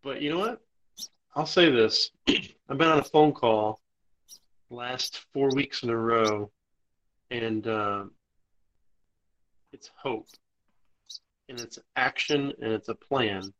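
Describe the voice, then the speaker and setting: Slow-talking bright-voiced man. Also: mid-range voice, highs cut off. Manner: hesitant, halting with fillers. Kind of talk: casual chat.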